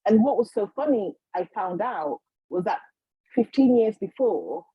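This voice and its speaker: A woman being interviewed as a guest healer, telling her story in a lively way and acting out the voices of the people in it. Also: medium pitch, unhurried, slightly rough, no room sound. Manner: animated, acts out quoted voices. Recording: slightly dull lo-fi recording.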